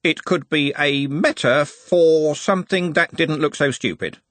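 A man's voice: fairly high pitch, unhurried, fairly bright tone, dry recording, voice pushed up. A man playing a pompous, stern candle servant. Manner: pompous, stern, self-important. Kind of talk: audiobook character voice.

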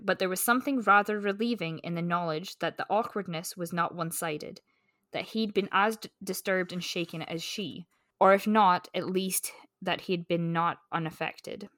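A woman with a slightly low voice co-hosts a casual book chat, full of "like" and "um" between read-aloud passages. Her voice sits close and dry, with no room sound around it. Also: moderate pace, a bit bright, dry recording. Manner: chatty, lots of "like" and "um", reads prose smoothly. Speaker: book podcast co-host.

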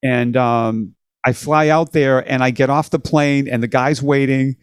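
A man's voice: medium pitch, fairly even intonation, a little slow, smooth, no echo, studio quality. A man, a guitarist guest, telling stories in a loose, rambling way, full of "you know" and "like". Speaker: guest musician. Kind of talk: casual storytelling interview.

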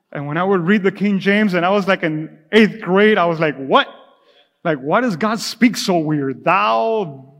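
High-voiced pastor preaching in a reverberant hall. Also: male voice, fairly bright tone. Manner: casual and conversational, building to fervent repetition. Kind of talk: sermon. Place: church sanctuary.

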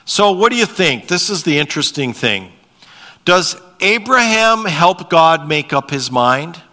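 A man's voice: fairly high pitch, measured pace. A man preaching a sermon as pastor, reading scripture and asking the congregation questions in a conversational way. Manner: reads dialogue with lively shifts. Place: church sanctuary. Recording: long hall reverb.

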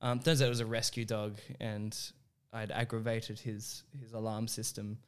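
A man telling a comic anecdote in casual chat, animated and acting out the moments. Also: fairly low pitch, normal speed, smooth. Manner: animated, acts out voices in anecdotes. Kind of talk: casual storytelling.

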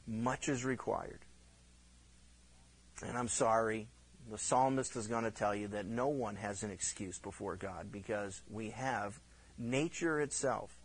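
A middle-aged man, a pastor, teaching a Bible study sermon in an animated way, acting out voices of God and the people. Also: medium pitch.

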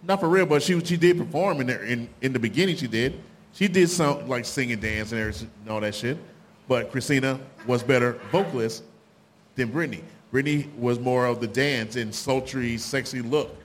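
Male host, mid pitch, laid-back slang-heavy banter. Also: normal speed. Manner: laid-back, uses slang, hesitant fillers. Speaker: podcast host. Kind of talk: casual banter.

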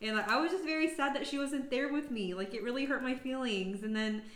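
A woman's voice: high voice, a little fast, fairly bright tone, reverberant. A woman talking as a podcast guest in casual chat, earnest and grateful, with frequent giggles.

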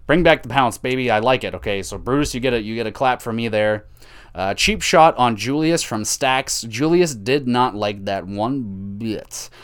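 A young man hosting a podcast, casually recapping a wrestling show with profane, rambling, self-mocking asides and sudden bursts of excitement. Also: medium pitch, normal speed, smooth. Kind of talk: casual solo recap commentary.

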